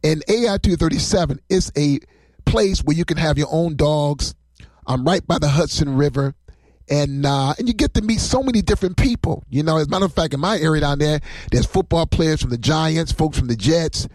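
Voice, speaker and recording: Excitable pastor preaching on a livestream. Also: male voice, fairly high pitch, fairly quick, no room sound. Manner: rambling, emotional, excitable, laughs often.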